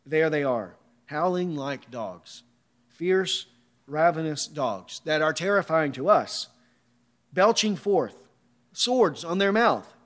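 A man's voice: a little high, lively intonation, slow, a bit bright. A man preaching a sermon, reading scripture and asking emphatic rhetorical questions.

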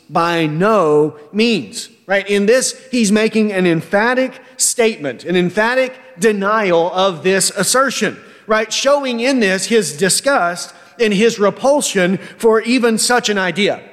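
A man preaching an expository sermon, emphatic and often checking in with a quick "right?". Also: high-pitched, animated, fairly bright tone, in a large hall. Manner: emphatic, frequent tag question "right?".

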